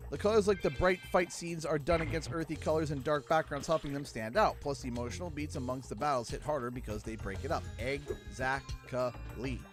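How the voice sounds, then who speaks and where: A man with a Canadian accent hosting a livestream in casual chat, telling stories with lively voiced-out quotes. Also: a little high, quick pace, hardly any pauses. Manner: animated storyteller, acts out quotes. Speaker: livestream host. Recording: game music playing underneath.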